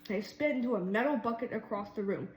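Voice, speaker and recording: A woman reading a children's storybook aloud in a lively way, doing voices for the mouse characters. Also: fairly high pitch, fast talker, reverberant, a little hiss or hum, rough recording. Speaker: reader.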